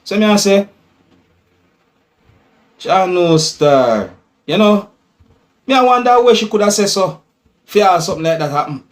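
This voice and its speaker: A man with a Jamaican accent talks through his thoughts in a loose, musing way as a vlogger commenting on a clip. His voice sits a little high for a man, and he keeps tossing in little check-ins with his listeners. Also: animated, a little slow, pauses often. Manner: loose, musing, peppered with "you see me" tags. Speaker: vlogger commenting on news clips. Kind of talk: casual commentary.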